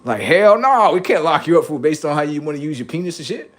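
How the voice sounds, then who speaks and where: Profane, animated man ranting on a livestream. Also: a little high, fast. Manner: profane, boastful, laughing, acts out quoted voices. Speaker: livestream host. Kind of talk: rambling livestream monologue.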